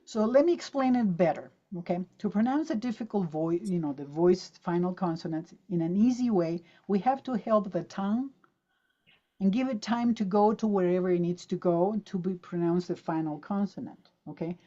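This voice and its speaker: A woman leads an online pronunciation lesson with a mellow, warm voice. She drills sample words aloud and fires questions at her listeners to keep them with her. Her sound comes over a dull, lo-fi video call line. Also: fairly low pitch, normal speed. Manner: lively, demonstrative, drills words aloud and quizzes the audience. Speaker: pronunciation teacher presenting to teachers. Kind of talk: online teaching talk.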